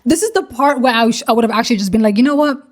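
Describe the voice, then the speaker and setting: A young woman casually retelling a story in slangy, animated commentary, swearing and laughing as she goes. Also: on the high side, very fast. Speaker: commentary creator.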